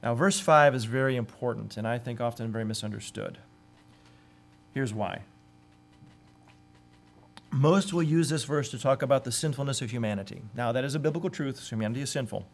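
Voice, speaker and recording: A man's voice: mid-range voice, brisk, gravelly, long pauses. A man preaching a sermon in an earnest way, sometimes acting out the voices he quotes. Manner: earnest, acts out quoted voices with sudden lifts. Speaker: pastor.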